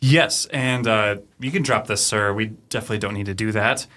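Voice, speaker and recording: Lowish voiced guy rambling in character at a tabletop game, lots of uhs and ums. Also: fairly quick, bright, forceful tone. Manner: affable, rambling, with many fillers. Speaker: player. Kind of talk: tabletop role-play, speaking in character.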